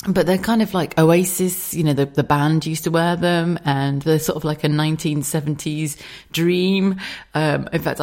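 A woman in her thirties hosting a casual solo podcast from her kitchen late at night, chatty and quick to laugh and swear. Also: low voice, darkish tone. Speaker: podcast host. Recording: slightly echoey kitchen.

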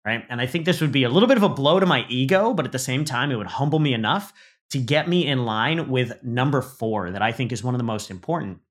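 A man's voice: medium pitch, animated, fast talker. A man in his thirties giving a motivational business talk, emphatic, repeating words and tagging his points with "right?".

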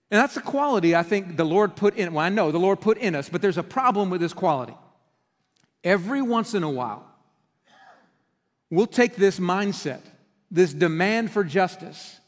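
Pastor, middle-aged man, chatty storytelling sermon with lively acted-out lines, higher voice, long church reverb. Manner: conversational storytelling with animated quoted outbursts. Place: church sanctuary.

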